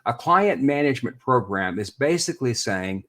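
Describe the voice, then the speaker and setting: A man's voice: mid-range voice, expressive, normal speed. Earnest man explaining patiently. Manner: earnest, explanatory, repeats words while thinking. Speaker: real estate expert guest. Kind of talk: podcast interview.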